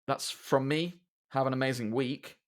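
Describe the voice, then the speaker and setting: A man co-hosting a podcast, telling game stories in a relaxed, chatty way. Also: medium pitch, moderate pace. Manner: storytelling, laughs at mishaps. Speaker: podcast co-host. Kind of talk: casual podcast chat.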